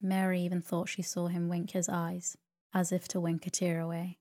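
A woman narrating a sleep story in a slow, soothing reading voice. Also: lowish voice, monotone, dark tone.

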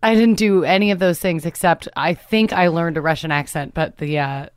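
A young actress guest jokes about herself in a deadpan way and laughs often. Her voice is smooth and a little low for a woman. It is recorded dry and close, with no echo. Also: normal speed. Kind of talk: casual comedic interview.

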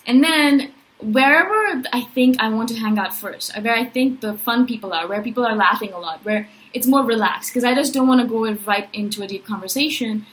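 A woman's voice: on the high side, a bit bright, low-quality recording. Chatty woman telling a party story. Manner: chatty, rambling, with frequent "right?" and "you know"; lists things in quick runs of questions. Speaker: personality-type vlogger. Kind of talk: casual storytelling monologue.

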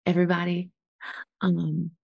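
A woman with a low, gravelly voice, co-hosting a casual spiritual podcast chat. She talks earnestly and rambles, with plenty of "like" and "um". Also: completely flat delivery, unhurried, muffled recording. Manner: earnest, rambling, many fillers. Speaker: podcast co-host.

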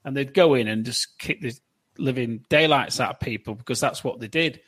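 Halting man. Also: mid-range voice, a bit bright, breathy edge. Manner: halting, repeats words, seeks agreement. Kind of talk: casual chat.

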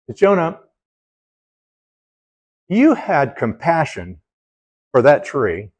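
Male Bible teacher, fairly high voice, lively sermon storyteller who acts out the quotes. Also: slow, low-quality recording. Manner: animated storytelling, voicing the prophet and God in quotes.

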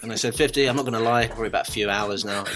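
A man's voice: mid-range voice, rapid-fire, over music. A man telling a funny anecdote in a casual podcast chat, laughing often. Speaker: guest.

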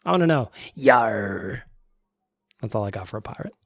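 A man's voice: mid-range voice, lively intonation, rapid-fire, gravelly, no echo. A young male podcast host chatting casually and enthusiastically, with self-deprecating humor.

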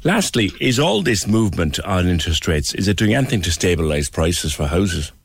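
A man hosting a radio talk show, his low voice rising and falling a great deal. He is wry and conversational, and the sound is dry and close. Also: sing-song, a little fast, creaky, husky, no echo.

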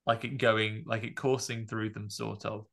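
Male co-host, gravelly and bright, animated casual film talk. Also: lowish voice, normal speed. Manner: chatty, animated retelling of scenes. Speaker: podcast co-host.

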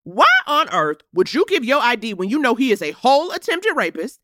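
A woman's voice: on the high side, brisk, no echo. An emphatic woman in casual recap chat, her voice leaping up and down as she acts out characters. The sound is dry and close, with no room around it. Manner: animated and emphatic, voices characters while retelling. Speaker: podcast co-host.

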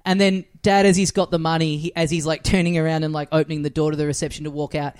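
A woman's voice: low voice, quick pace. Sweary Australian woman telling stories. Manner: sweary, animated storyteller who acts out quotes. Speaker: podcast guest. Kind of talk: casual comedy podcast chat.

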